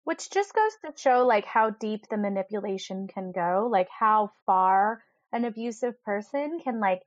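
A woman's voice: mid-range voice, lively intonation, a little slow, no echo. A woman hosting a conversation, reflecting on what she hears in a supportive, explanatory way. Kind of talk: casual conversation. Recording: dry, dull lo-fi sound.

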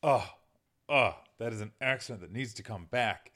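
A man's voice: on the low side, brisk, bright, forceful tone. A man co-hosting a podcast in casual chat, making wry, jokey asides. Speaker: podcast co-host.

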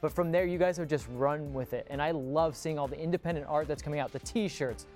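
A man's voice: on the high side, brisk, darkish tone, faint music behind. A man co-hosting a soccer talk show, chatting enthusiastically and speaking straight to viewers. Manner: enthusiastic, talks to viewers directly. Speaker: co-host. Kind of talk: casual sports chat.

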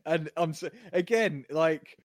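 A man co-hosting a casual podcast, relaxed as he recalls scenes and quotes lines from a TV show. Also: on the high side, slow pace, no room sound, studio quality. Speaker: podcast co-host. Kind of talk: casual chat recapping a TV episode.

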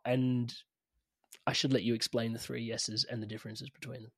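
A man's voice: mid-range voice, normal speed, darkish tone, no room sound, studio quality. A man hosting an interview podcast, casual and enthusiastic, laughing often as he talks. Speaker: podcast host.

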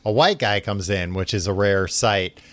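A man's voice: fairly low pitch, normal speed, fairly bright tone, dry recording. Rambling man hosting a book podcast. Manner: rambling, full of likes and restarts. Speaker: podcast host. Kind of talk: casual chat retelling a book.

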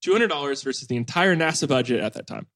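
A man's voice: medium pitch, quick pace, dry recording. Young guy podcast host rambling to his mom, tons of "like"s, mid voice, super dry close mic. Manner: rambling, heavy on "like" fillers, animated storytelling. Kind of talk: casual family chat.

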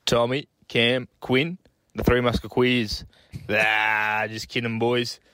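A man's voice: mid-range voice, little pitch movement, slow, pushed and bright, clean tone, dry recording. Laid-back Australian man telling crude jokes. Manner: swears constantly, laid-back yarn-spinning. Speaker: caller. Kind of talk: crude casual joke-telling voice message.

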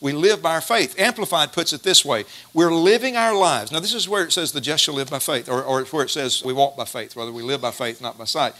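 Bright-voiced folksy preacher man. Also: medium pitch. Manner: folksy, storytelling, slows to stress scripture. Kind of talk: sermon.

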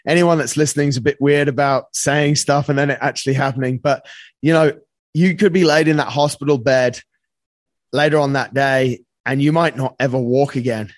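A man's voice: mid-range voice, steady tone, brisk, no echo. A man telling a personal story as a podcast guest, earnest and casual, often saying "mate" and swearing freely.

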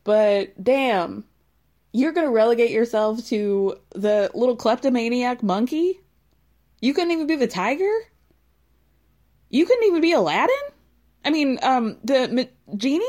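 A woman's voice: a little high, measured pace, long pauses. Sassy woman recapping reality TV. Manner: animated and sassy, with frequent laughter and exclamations. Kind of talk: casual recap commentary.

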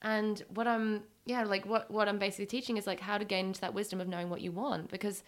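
A woman's voice: medium pitch, little pitch movement, quick pace. A woman who runs workshops for women, explaining her ideas as a guest in an earnest, teaching way, with many fillers. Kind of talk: explanatory conversation.

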